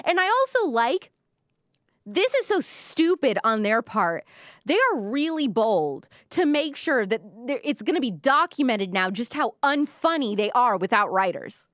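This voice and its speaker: A woman's voice: on the high side, very animated, measured pace, fairly bright tone, no echo, studio quality. A woman hosting a live-stream commentary show, talking sarcastically and mockingly. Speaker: podcast host.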